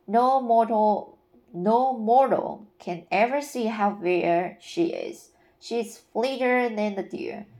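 A patient, imaginative young woman from a storybook audiobook, read by a woman. She speaks gently and slowly, in a storytelling way, with a mid-pitched voice.

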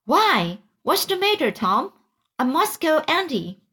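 A woman's voice: on the high side, very animated, slow pace, a bit bright, breathy edge, exaggerated voice. A woman voicing an anxious young boy in a storybook, pleading in a raised, fretful voice. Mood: alarmed.

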